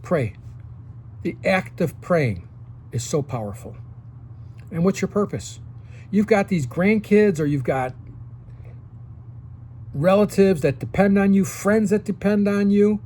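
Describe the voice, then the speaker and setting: A man's voice: sits high, animated, a little slow, pauses often, warm tone, slight background noise. Man in his sixties giving advice. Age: 60s. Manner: coaching tone, often tags sentences with "okay?". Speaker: vlogger giving advice to seniors. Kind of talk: casual direct-to-camera advice.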